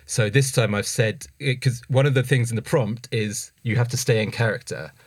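A man hosting a podcast in casual chat, brisk and explanatory with an amused edge. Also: mid-range voice, dry recording, clean studio sound. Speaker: podcast host.

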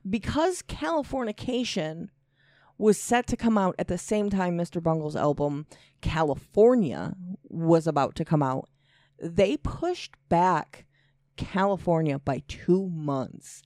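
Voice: medium pitch, expressive, a little slow, a little mellow, no room sound, studio quality. Opinionated, profane podcast co-host. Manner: opinionated, swears, reads articles aloud. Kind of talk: casual podcast banter.

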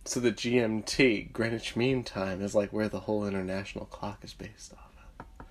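A man's voice: lowish voice, fairly even intonation, normal speed. A man co-hosting a podcast in an easygoing, joking casual chat. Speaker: podcast co-host.

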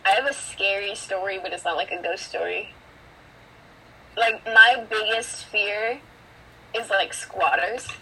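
A woman's voice: medium pitch, unhurried, long pauses, bright, forceful tone, slightly rough, poor audio. A teenage girl chatting casually on a podcast, winding through her thoughts with lots of fillers. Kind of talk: casual chat.

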